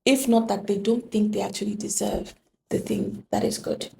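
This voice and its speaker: A woman's voice: mid-range voice, fairly even intonation, moderate pace, vocal fry, dark tone, a little hiss or hum. A woman giving an earnest, emphatic motivational monologue on relationships, full of rhetorical questions. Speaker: relationship speaker.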